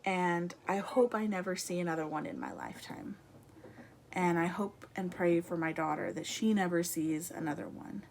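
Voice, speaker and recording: Young woman rambling in her room, kinda low voice, bit out of breath, laughs a lot. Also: big pitch swings, moderate pace, vocal fry, slight background noise. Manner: rambling, chatty, laughs often. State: a little out of breath. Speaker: vlogger. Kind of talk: casual chat to camera.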